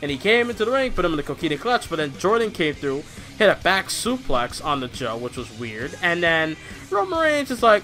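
A man reviewing wrestling shows in a casual, rambling, excitable way, swearing now and then. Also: on the high side, fairly quick, faint music behind. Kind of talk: casual commentary vlog.

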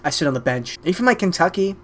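A man's voice: high-pitched, big pitch swings, rapid-fire. A man hosting casual video chats with strangers, talking in a brash, crude, mock-rude trolling way. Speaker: video chat prankster host.

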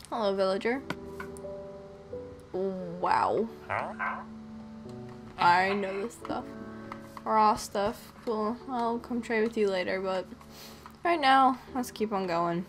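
Slow-talking playful young woman gamer. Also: medium pitch, soft background music. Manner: chatty and playful, talking to animals. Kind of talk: casual game commentary.

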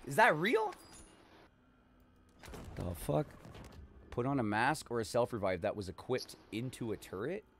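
A Canadian man with a Canadian accent and an expressive mid-range voice gives profane, jokey commentary at a normal pace while streaming gameplay. Noisy game audio plays behind him.

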